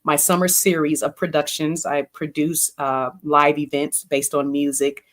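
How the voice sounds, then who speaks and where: A woman guest on a radio show who talks casually about her events, with measured pacing and filler pauses. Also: sits low, little pitch movement, a bit bright.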